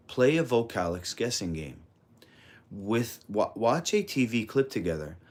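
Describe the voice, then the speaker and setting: A man reading a parenting audiobook in a calm, measured, instructive way. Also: fairly low pitch. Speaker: audiobook narrator. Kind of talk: scripted audiobook narration.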